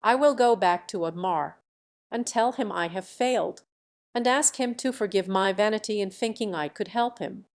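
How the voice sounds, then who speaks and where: A woman's voice: mid-range voice, moderate pace, close to an everyday voice. A woman voicing a weary, determined young village girl in a storybook, speaking earnestly and pleadingly.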